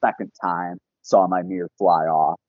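A young man, a podcast guest, telling a casual story in an animated, profane way and laughing often. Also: low voice, moderate pace, dry recording. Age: young adult. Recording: dull, lo-fi podcast audio.

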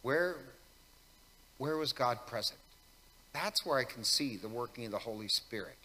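Priest, male, casual wry homily delivery, bright tone, long church reverb. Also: mid-range voice, lively intonation, moderate pace. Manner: conversational, wry and self-mocking. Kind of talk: weekday homily.

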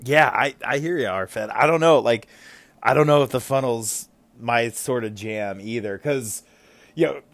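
A man with a mid-range voice hosts a laid-back podcast chat, speaking a little slowly yet animatedly, peppering his talk with fillers and exclamations.

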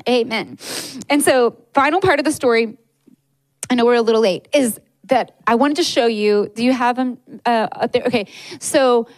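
A woman's voice: a little high, normal speed, no room sound, poor audio. A young woman giving a personal testimony at church, talking in a conversational way with many fillers. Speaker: church speaker sharing a testimony.

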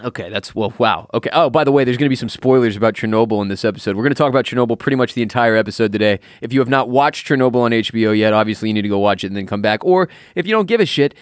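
A man co-hosts a podcast in a studio, keeping it loose and jokey with casual swearing. His pitch sits at an ordinary middle for a man. The sound is dry and close, with no room around it. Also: rapid-fire, few pauses, no room sound. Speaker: podcast co-host. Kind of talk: casual chat. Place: recording studio.

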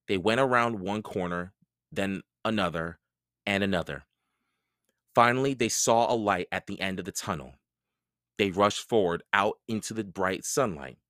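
A man reading a children's book aloud, narrating in a slow, expressive storytelling way. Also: fairly low pitch, no room sound, clean studio sound.

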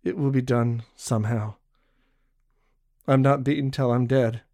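A male narrator voicing a devoted young man who speaks quietly and resolutely. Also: mid-range voice, steady tone, measured pace, no room sound, clean studio sound, natural voice.

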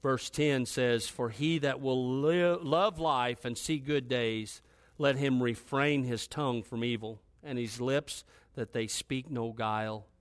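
A man, a pastor, preaching a sermon and reading scripture aloud. His pitch rises when he exhorts the congregation. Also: slow, no room sound.

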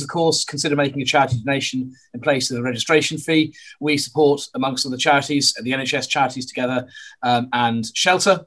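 Hoarse man hosting a video-call podcast. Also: medium pitch, a bit bright. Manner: hesitant, with many ums and restarts. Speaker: podcast host. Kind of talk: casual video-call chat.

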